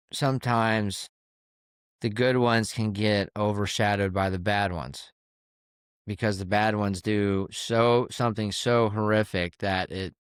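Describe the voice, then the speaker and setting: A man's voice: lowish voice, smooth, no echo, clean studio sound. A man who works as a caddie and hosts a podcast, telling stories from the course in a candid, conversational way and swearing casually. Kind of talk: casual storytelling.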